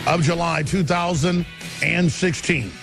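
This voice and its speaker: A man's voice: a little high, steady tone, a little slow, creaky, over music. A middle-aged man, hosting a political talk radio show in an intense, ranting, emphatic way. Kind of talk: political commentary broadcast.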